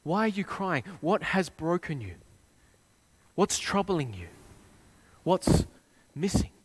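A man preaching a sermon, retelling a scene with dramatic swings between hushed and loud delivery. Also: high-pitched, very animated, takes it slowly, husky.

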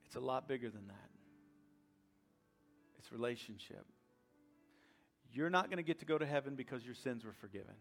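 A man preaching a sermon as pastor, rising to loud emphatic passages with dramatic pauses. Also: medium pitch, animated, vocal fry, soft background music.

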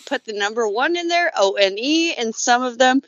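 A woman's voice: fairly high pitch, lively intonation, moderate pace, dry recording, highs cut off. A woman guesting on a podcast in casual chat, brash and laughing easily.

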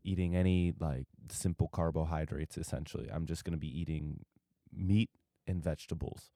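A man's voice: very deep voice, steady tone, normal speed, warm tone, no room sound, studio quality. A tired young man rambling loosely through a solo podcast, drifting off topic and losing his train of thought. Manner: drowsy, meandering, loses his train of thought. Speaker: podcast host.

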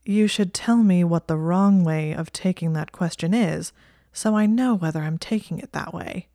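A woman's voice: on the low side, moderate pace, warm tone, dry recording, studio quality, close to an everyday voice. A woman voicing an exasperated young male wizard with a wry, sardonic manner.

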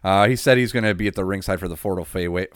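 A man's voice: sits low, rapid-fire, dry recording, studio quality. A man co-hosting a podcast, casually recapping a wrestling event blow by blow with lots of filler and swearing. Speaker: podcast co-host.

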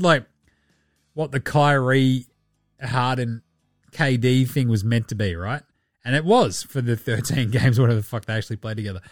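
A man with an Australian accent, co-hosting a podcast in relaxed, rambling sports chat with casual swearing. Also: mid-range voice, no echo, studio quality. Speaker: podcast co-host.

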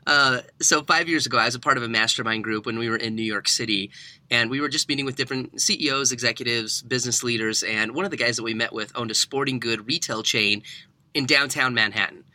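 A young man, a podcast guest, telling a story in conversation, animated and laughing often. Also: medium pitch, fast talker, dry recording. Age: young adult.

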